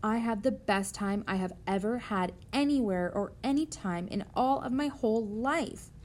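Woman doing an eager young farm girl, excited, storybook figure. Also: medium pitch, normal speed, lightly acted.

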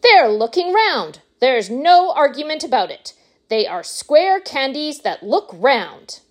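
A woman voicing an eccentric, excitable male candy maker in a storybook read-aloud, talking in a bouncy, bossy way. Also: high voice, unhurried, voice pushed up. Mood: triumphant.

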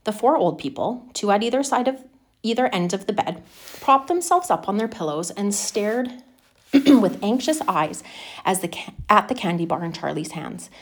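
A woman reading a children's novel aloud with expressive, animated narration. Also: medium pitch, moderate pace. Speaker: reader.

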